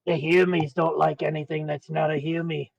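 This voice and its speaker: A man's voice: fairly high pitch, level tone, normal speed, vocal fry, no echo, low-quality recording. A man playing in an online tabletop game, chatting casually, swearing freely and rambling. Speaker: player.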